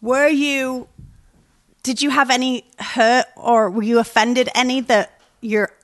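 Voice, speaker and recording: High-voiced English-born woman. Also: steady tone, slow pace, a bit bright. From England. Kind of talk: casual chat.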